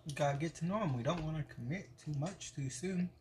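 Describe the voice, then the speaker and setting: A man's voice: fairly high pitch, fast talker, darkish tone. A middle-aged man making dry, teasing remarks in casual chat.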